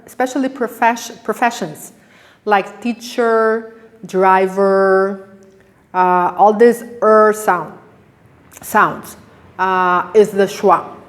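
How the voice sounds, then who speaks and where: A woman teaching English pronunciation, modelling each sound slowly and asking the listener to repeat after her, laughing now and then. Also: medium pitch. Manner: drawn-out sounds, laughs often, asks you to repeat. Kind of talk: slow, careful pronunciation lesson.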